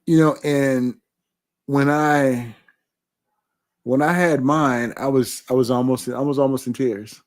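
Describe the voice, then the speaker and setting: Man, live-stream host, mid-pitched, unhurried and repetitive, reading viewer comments aloud. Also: steady tone. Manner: warm, repetitive, emphatic affirmations. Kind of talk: casual live stream chat.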